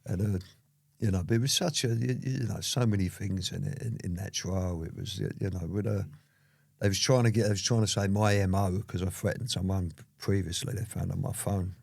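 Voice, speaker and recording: A lowish, gravelly male voice, recorded close and dry. He rambles through his story, leaning on "you know" again and again in casual interview talk. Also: steady tone, brisk, a little mellow, no echo. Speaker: interview guest.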